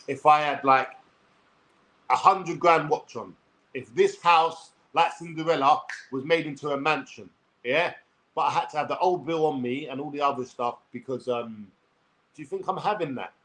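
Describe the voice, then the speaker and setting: A blunt, foul-mouthed man in his forties with a London accent speaks straight to his viewers. His voice sits a touch higher than most men's, and he rambles and calls out to the people watching. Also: a bit bright, poor audio. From England. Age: 40s. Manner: blunt, swears freely, addresses viewers as people. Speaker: online personality. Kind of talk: rambling talk to camera.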